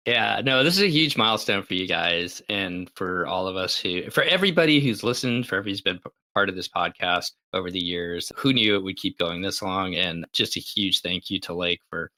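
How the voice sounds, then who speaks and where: A man with a very low but bright, forceful voice talks in a laid-back way and stumbles now and then. The sound is dry, with no room around it. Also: expressive, fairly quick, hardly any pauses, no echo. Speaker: podcast founder. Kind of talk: casual podcast chat.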